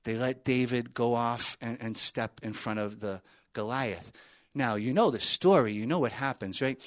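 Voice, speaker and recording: Brief: casual male youth speaker, mid-pitched, telling a story loosely. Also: fairly bright tone. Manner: conversational, with many fillers and asides. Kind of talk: storytelling sermon to a group.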